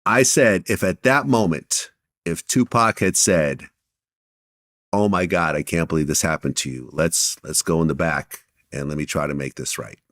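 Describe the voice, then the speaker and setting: Deep-voiced man telling a story. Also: moderate pace. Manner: storytelling, drops his voice low and soft to act out quotes. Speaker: interview guest, actor. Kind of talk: casual interview talk.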